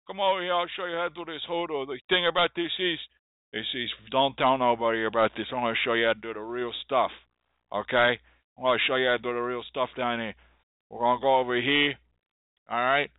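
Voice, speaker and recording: A man putting on a secretive streetwise city rootworker who talks low, quick and conspiratorially. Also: fairly even intonation, clear, resonant tone, dry recording, lightly acted. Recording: tinny phone-like sound, dry.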